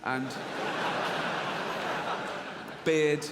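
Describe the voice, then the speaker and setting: A man's voice: a little high, fairly even intonation, slow, heavy background noise. A middle-aged man from England telling a stand-up story, acting out voices in his head and laughing at his own jokes. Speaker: stand-up comedian. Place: large stand-up venue. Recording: reverberant stage recording.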